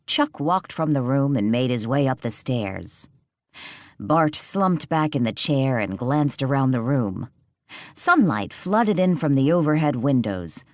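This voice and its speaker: Slow, expressive audiobook narrator. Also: medium pitch, dry recording, clean studio sound. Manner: measured storytelling.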